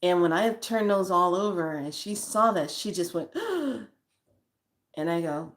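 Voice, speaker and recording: A woman's voice: fairly low pitch, animated, slow pace. A woman who reads tarot cards, telling stories about her readings in a chatty, blunt way with casual swearing. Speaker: tarot card reader. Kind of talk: casual storytelling.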